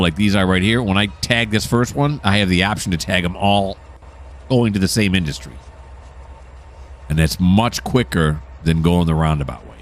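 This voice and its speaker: A low-pitched man talks his way through a railroad game in a relaxed, meandering way, often stopping to correct himself. A faint noise floor sits under his voice. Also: moderate pace. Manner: rambling, self-correcting, chatty. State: hiccuping. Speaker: gameplay host. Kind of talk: casual game commentary.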